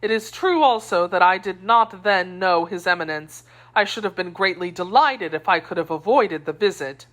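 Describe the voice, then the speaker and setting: A woman's voice: lowish voice, normal speed, hardly any pauses, a bit bright, close to an everyday voice. A woman reading as a pompous, timid mercer husband. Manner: self-important, proud, defensive. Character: pompous timid middle-aged male mercer.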